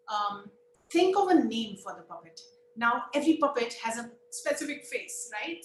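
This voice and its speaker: A woman teaching an online puppetry workshop, lively and demonstrative, coaxing the group to try along with her. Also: high-pitched, reverberant, low-quality recording.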